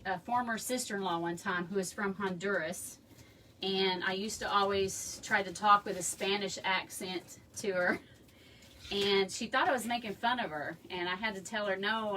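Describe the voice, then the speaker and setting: A woman's voice: medium pitch, bright, forceful tone. A woman hosting a casual live craft tutorial, chatting and rambling with friendly asides to her viewers from her home. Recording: room mic from a distance, faint background noise.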